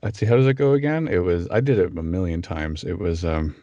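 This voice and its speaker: A man with a naturally very low voice, a voice actor chatting as a guest, sometimes stumbling over his words. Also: lively intonation, a little fast, few pauses, mellow, no room sound, dull audio. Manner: stumbles over words when talking off the cuff. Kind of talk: casual podcast conversation.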